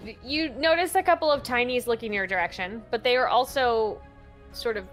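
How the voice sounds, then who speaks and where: A woman's voice: fairly high pitch, fairly quick. Woman game master, faint music behind. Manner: relaxed, hesitant narration with many fillers. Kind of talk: narrating a tabletop game.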